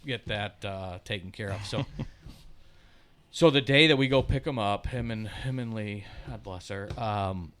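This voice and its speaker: A man's voice: lowish voice, measured pace. Profane, rambling Midwestern man telling stories. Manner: profane, rambling, swings from loud laughing retellings to quiet reflection. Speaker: podcast co-host. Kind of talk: casual storytelling chat.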